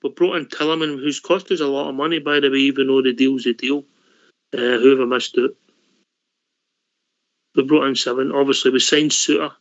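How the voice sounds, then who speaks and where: A man's voice: medium pitch, fairly even intonation, moderate pace, long pauses, no echo. A man hosting a radio phone-in, chatty and blunt, calling everyone mate. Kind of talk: casual phone-in chat. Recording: dry, dull lo-fi.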